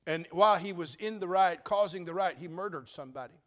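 A man's voice: sits high, fast. Impassioned preaching pastor, man. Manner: impassioned preaching, swings between quiet and shouted lines; speaks directly to congregation, repeats phrases for emphasis. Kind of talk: sermon.

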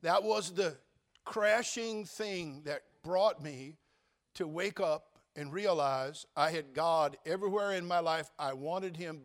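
A man preaching a sermon, telling his own story with humor and big swings between loud and quiet. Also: on the high side. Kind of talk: sermon testimony.

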